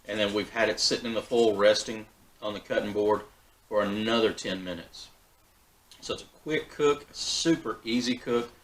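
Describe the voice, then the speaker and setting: A man hosting a backyard barbecue vlog, talking in a relaxed, folksy way with fillers and restarts. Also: mid-range voice, rough recording. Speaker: backyard BBQ channel host. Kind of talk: casual cooking vlog.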